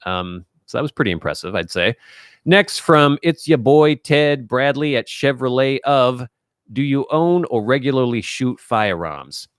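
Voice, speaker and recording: A man's voice: mid-range voice, a bit bright, no echo, studio quality. A young man hosting a casual live stream, chatting as he reads out and answers viewer questions. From US Northwest.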